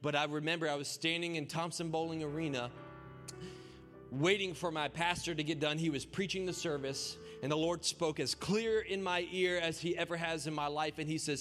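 A young man, a pastor, telling his own story in an animated sermon that rises into a preaching cry. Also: on the high side, normal speed, big-room sound, faint music behind. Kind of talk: sermon testimony.

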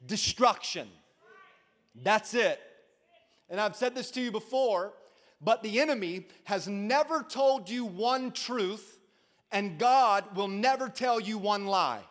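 High-voiced pastor shouting an Easter sermon. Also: male voice, unhurried. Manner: dramatic preaching, swinging from shouts to hushed lines; calls out to the congregation for response. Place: church service before a congregation.

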